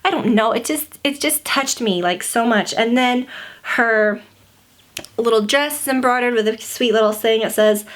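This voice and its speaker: At home, a twenty-something beauty vlogger who is pregnant gushes through a casual update, close to tears and full of fillers. She speaks at a normal pace with a fairly high pitch.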